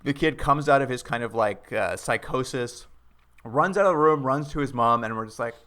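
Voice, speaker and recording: Bright-voiced man recapping with laughs. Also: mid-range voice, quick pace, clear, resonant tone. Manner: animated retelling with quoted lines and laughs. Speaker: podcast co-host. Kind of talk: casual recap of an episode.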